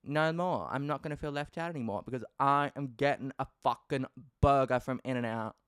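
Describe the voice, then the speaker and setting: An Australian man hosting a casual solo podcast, talking in an animated, playfully dramatic way and swearing freely. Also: mid-range voice, a little fast, clean tone, dry recording, clean studio sound. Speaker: podcast host.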